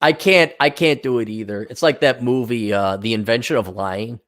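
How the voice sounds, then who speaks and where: A man's voice: medium pitch, moderate pace, fairly bright tone. A man co-hosting a podcast in blunt, profane casual chat. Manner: blunt, profane, mocking impressions. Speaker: podcast co-host.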